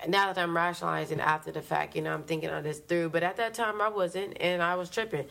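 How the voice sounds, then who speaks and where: A woman co-host telling a story in casual chat, animated, profane and slangy, acting out her own past lines. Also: lowish voice, fast, creaky.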